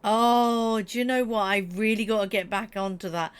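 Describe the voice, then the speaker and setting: A woman chatting casually with her viewers during a live stream, animated and quick to laugh. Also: on the high side, clean tone. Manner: chatty and animated, laughing, talking straight to chat. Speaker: Twitch streamer.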